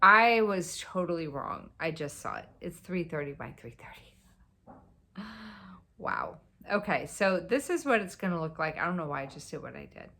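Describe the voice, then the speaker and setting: Woman, casual vlog chat, lively sing-song pitch, rambling, excitable, a bit tired. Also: normal speed, creaky, slight background noise. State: tired and yawning. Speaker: cross-stitch vlogger. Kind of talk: casual show-and-tell chat.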